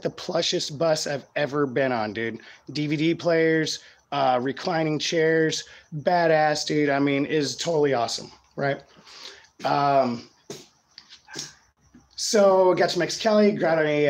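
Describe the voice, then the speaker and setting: A man's voice: fairly high pitch, poor audio. A man vlogging, telling a story in a casual, slangy, laid-back way and saying "dude" a lot. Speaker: vlogger treasure hunter.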